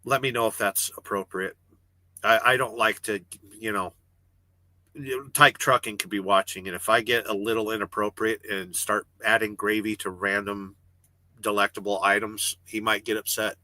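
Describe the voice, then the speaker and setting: A man's voice: on the low side, little pitch movement, normal speed, bright, forceful tone, no room sound. A man who drives a truck hosts a casual livestream from his parked cab, reading viewer comments aloud, rambling, joking and swearing freely. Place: parked truck cab with refrigerated trailer running.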